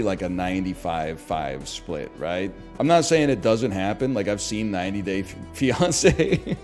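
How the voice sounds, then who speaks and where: A man streaming a game and chatting casually, animated and joking, with frequent swearing. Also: mid-range voice. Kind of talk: casual chat while gaming.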